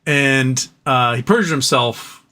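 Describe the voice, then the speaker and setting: A man's voice: medium pitch, slow pace, pushed and bright. A man hosting a live stream, telling stories in a rambling, profane, casual way. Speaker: livestream host.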